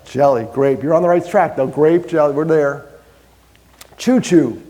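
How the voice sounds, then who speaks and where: Speaking unhurriedly in a somewhat high voice, a New York man delivers a live mental health talk in a large hall. He tells stories with animation, quizzes the crowd and pokes fun at himself, and the recording carries a long hall reverb.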